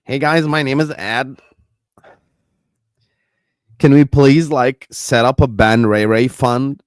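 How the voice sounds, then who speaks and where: A man's voice: medium pitch, steady tone, takes it slowly, clean tone, no room sound, clean studio sound, lightly acted. A man reading out a fed-up male viewer's chat message in a near-everyday voice, pleading and exasperated.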